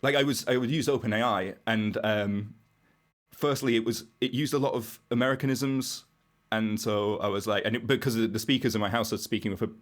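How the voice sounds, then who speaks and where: Low-voiced British man explaining things wryly. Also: fairly even intonation, brisk. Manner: explanatory, wry, thinks aloud. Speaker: podcast guest, browser engineer. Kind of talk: casual podcast conversation.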